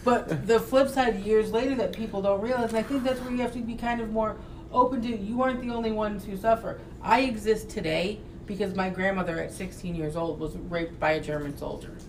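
A woman's voice: mid-range voice, fairly even intonation, a little fast, darkish tone, roomy sound, far from the mic, rough recording. A woman guest speaks earnestly, telling personal stories in a casual political chat. Her voice sits a bit back from the mic, with a faint hiss underneath. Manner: earnest, storytelling.

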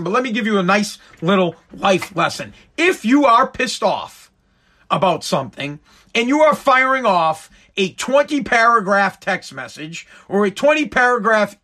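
A man with a radio background, talking in an animated, emphatic rant and swearing freely. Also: sits high. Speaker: radio personality. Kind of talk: casual profane rant.

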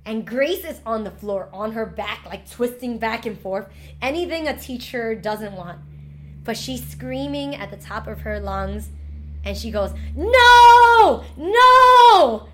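A woman's voice: a little high, measured pace, a little hiss or hum. A woman, a former teacher, telling a heartfelt personal story in an interview, emotional and full of "like" fillers.

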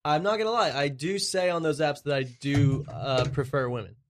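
A man co-hosting a live radio comedy show, talking in halting, rambling stretches. His voice sits slightly higher than usual for a man. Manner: rambling, halting, awkward earnestness. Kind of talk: comedic banter.

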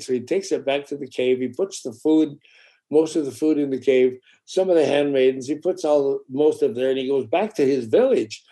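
Mellow-voiced man telling an animated story. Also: mid-range voice, normal speed. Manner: animated, acts out the voices of characters in his stories; casual, with occasional swearing. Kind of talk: casual storytelling chat.

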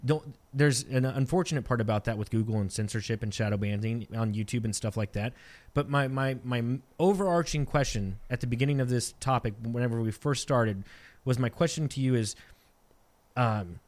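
A man's voice: medium pitch, fairly quick, a little mellow. A man hosting a casual podcast chat who rambles through his point and often restarts sentences.

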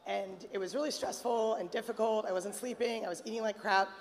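A woman speaking as a guest on a live panel, hoarse from days of yelling, playful and bold. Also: medium pitch, fairly even intonation, a little fast. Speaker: wrestling referee guest. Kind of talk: casual panel chat. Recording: live hall with long reverb.

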